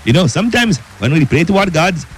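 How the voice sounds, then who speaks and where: A man's voice: a little high, very animated, brisk, a little hiss or hum. A man doing a self-important caller. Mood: solemn. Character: grandiose male caller who seizes the show.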